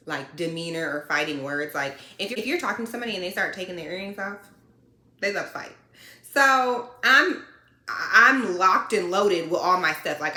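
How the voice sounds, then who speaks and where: Woman vlogger, sassy casual storytelling, bright forceful voice, echoey room. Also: fairly low pitch. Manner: animated, sassy, expressive. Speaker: truck driver and vlogger. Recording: roomy echo.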